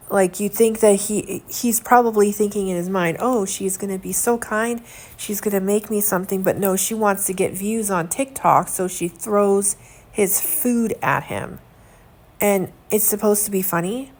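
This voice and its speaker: Indignant young woman chatting at home. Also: medium pitch. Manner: earnest and indignant, rambling with many fillers. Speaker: vlogger. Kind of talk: casual chat to camera.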